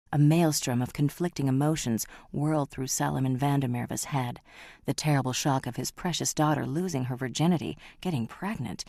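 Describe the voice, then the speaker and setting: Very deep-voiced woman audiobook narrator. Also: creaky, a little mellow, dry recording, clean studio sound.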